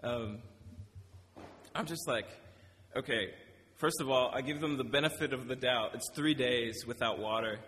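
At a moderate pace, a young man preaches an informal sermon in a bright, forceful voice of medium pitch. Scripture reading gives way to casual, rambling stories full of self-corrections and laughter between points, and the hall adds a long reverb.

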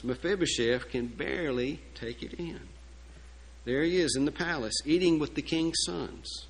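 A man's voice: mid-range voice, lively intonation, moderate pace, fairly bright tone, rough recording. A male pastor preaching a sermon, telling a story with folksy asides and rhetorical questions.

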